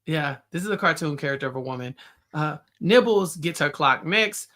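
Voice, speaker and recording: A young man hosting a casual recap chat, relaxed and halting, with restarts and fillers. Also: a little high. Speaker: podcast host.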